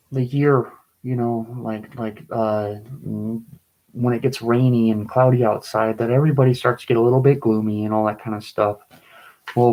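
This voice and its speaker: A man reading and explaining his own poem in a video, pleading and agitated, his voice rising into angry bursts, with halting restarts. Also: mid-range voice, warm tone, a little hiss or hum, rough recording. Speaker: vlogger.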